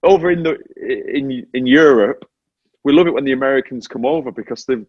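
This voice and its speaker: A husky British man in his forties, formerly a motorcycle racer, speaks a little fast at a medium pitch during a casual remote interview. He tells animated stories at his own expense in British English. The audio is dry, with the highs cut off.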